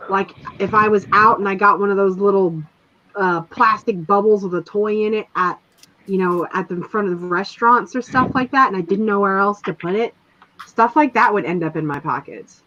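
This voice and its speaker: A woman's voice: medium pitch, normal speed, pushed and bright, a little hiss or hum. Woman, casual livestream chat, rambling, lo-fi dull mic. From rural area. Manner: rambling, chatty, lots of "like".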